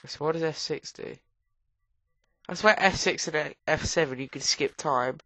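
A woman with a cold gives rambling casual commentary while playing a game, breaking into sudden high squeals. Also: unhurried, a bit bright, no room sound. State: has a cold. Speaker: gamer. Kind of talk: casual let's play commentary. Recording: dull lo-fi recording.

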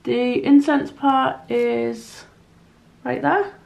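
A young woman chatting casually as she narrates her crafting work in a vlog, self-conscious and softly emotional at times. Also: sits high, fairly even intonation, extremely slow, creaky. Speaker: small business artist, vlogger.

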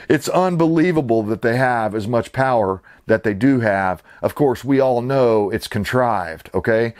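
Brief: male host, rambling sarcastic rant, mid-pitched voice. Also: a little slow, few pauses, darkish tone. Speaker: channel host. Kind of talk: ranting commentary.

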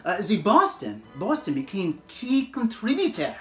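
A woman playing a quirky male history professor who tells the story in halting, broken grammar. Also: mid-range voice, huge pitch swings, a bit bright, reverberant, soft background music. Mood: animated.

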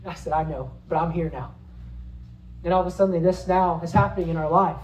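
A man preaching a sermon, telling a vivid dream story with animated delivery and then leading a prayer. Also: on the high side, fairly quick, roomy sound, slight background noise, poor audio. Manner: animated storytelling, acting out scenes, rising to shouts. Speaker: pastor.

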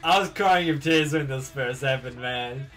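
A man reacting to a show on his channel in casual talk, excitable and gushing, often breaking into laughter. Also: medium pitch, moderate pace.

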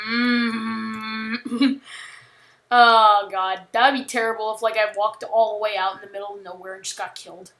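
A woman chatting casually while playing a video game, rambling and joking, with sudden panicked yells. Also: mid-range voice. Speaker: gamer. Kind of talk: casual gameplay commentary.

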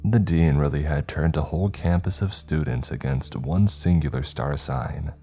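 A man narrating a horror story in a measured, dramatic way. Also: a bass voice, mellow. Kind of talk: scripted narration. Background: faint background music.

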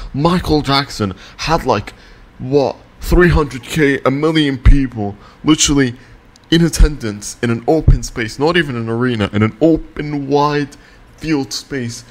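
A man's voice: mid-range voice, a little slow. A man giving a scornful, profane ranting commentary as a vlogger.

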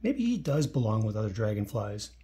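A man voicing a gentle, motherly female spider in a storybook reading, in a soft, caring way. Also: on the low side, very animated, fairly quick, husky, full character voice. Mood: wistful.

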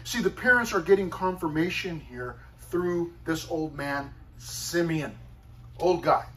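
A male pastor delivers a sermon in a loose, storytelling way and wanders into casual asides. His voice sits a bit high for a man. He sounds somewhat distant from the microphone. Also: measured pace, a bit bright. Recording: voice far from the mic.

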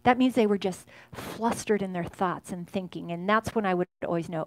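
A woman in her forties, a fitness instructor chatting warmly and effusively with her live class from an indoor space. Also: medium pitch, moderate pace, a little hiss or hum. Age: 40s. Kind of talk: casual chat to a live class. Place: indoor home workout space.

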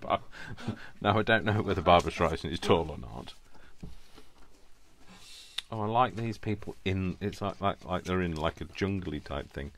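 A man's voice: low-pitched, normal speed, long pauses, a bit bright, slight background noise. A man hosting a crafting video, chatting casually at his table in a rambling, self-mocking way and laughing often. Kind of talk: casual chat while crafting.

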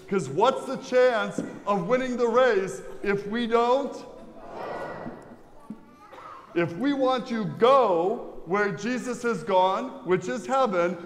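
Male pastor, high-pitched, quizzes the pews, long church reverb. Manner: lively, asks the congregation questions. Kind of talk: sermon. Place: large church.

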